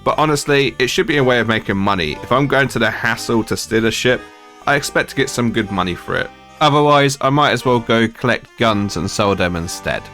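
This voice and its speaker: A man's voice: medium pitch, lively intonation, brisk, a bit bright, soft background music. A man from the United Kingdom giving a ranting game review as a gaming video creator, with exasperated, mocking complaints.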